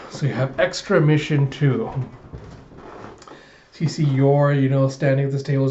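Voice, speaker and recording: Man animatedly retelling a manga. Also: medium pitch. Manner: animated retelling, laughing along. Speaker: manga reviewer. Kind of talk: casual manga reaction review. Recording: echoey room, dull sound.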